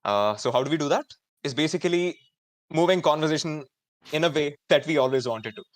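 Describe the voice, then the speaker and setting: A man's voice: a little high, fairly quick, dry recording. Hyped young man hosting with Indian English. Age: 20s. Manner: energetic, chatty, many fillers. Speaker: host. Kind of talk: hyped live event hosting.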